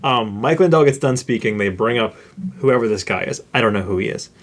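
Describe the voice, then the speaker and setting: Young guy ranting on a podcast, voice jumps all over, medium pitch. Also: a little fast. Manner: animated, ranting, mocking voices in quotes. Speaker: podcast co-host. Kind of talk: casual chat.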